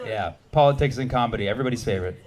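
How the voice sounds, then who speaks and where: A man's voice: medium pitch, very fast, heavy background noise. A man in his thirties doing stand-up comedy on a club stage, teasing the crowd with a punchy, wry delivery. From United States.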